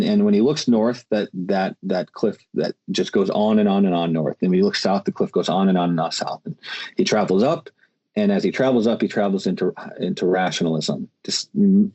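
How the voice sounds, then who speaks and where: A man's voice: sits low, fairly quick, darkish tone, slightly rough. A man hosting a podcast, chatting casually and rambling with many restarts and fillers. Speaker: podcast host. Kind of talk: casual conversation.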